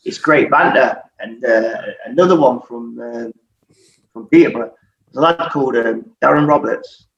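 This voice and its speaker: Speaking at normal speed, medium pitch, with a creaky yet fairly bright voice, a man in his forties who used to play football tells stories as a podcast guest. He laughs through his anecdotes and swears constantly in the casual chat, recorded in a roomy, muffled way with faint hiss.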